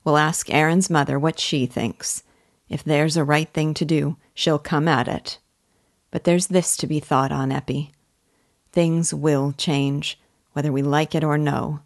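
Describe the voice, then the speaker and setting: A woman's voice: deep voice, fairly even intonation, no echo, clean studio sound. A woman reading as a subdued old weaver. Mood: tender. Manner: slow, subdued and careful. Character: older male village weaver, subdued and tender.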